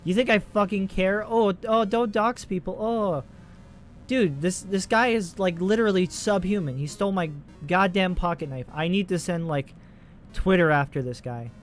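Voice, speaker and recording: A man's voice: sits high, moderate pace, faint music behind. A man in his twenties giving casual, profane, rambling commentary while playing a video game. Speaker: let's play host.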